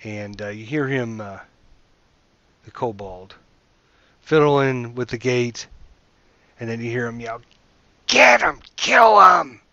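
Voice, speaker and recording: Hesitant, slow-talking male game master. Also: mid-range voice, fairly even intonation, no echo, dull audio. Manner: hesitant, meandering with many fillers. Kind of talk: narrating a tabletop game over voice chat.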